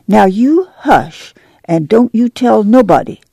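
Tough protective ma, reader doing the voice, gravelly low orders, hushed and urgent. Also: big pitch swings, slow pace, dry recording, exaggerated voice. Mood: firm. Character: firm, protective farm mother.

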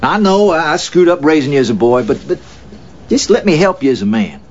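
A man's voice: fairly high pitch, big pitch swings, a little fast. An actor in his fifties playing a scruffy, washed-up estranged father who talks in a brash, rambling way, heard in a film clip. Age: 50s. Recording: dull lo-fi film clip with noise.

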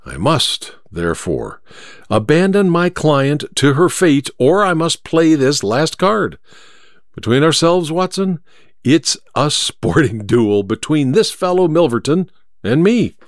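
A man reading an audiobook, voicing a cool, confident male detective who speaks in a crisp, amused, measured way. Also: a little high, big pitch swings, no echo, studio quality. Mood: resolute.

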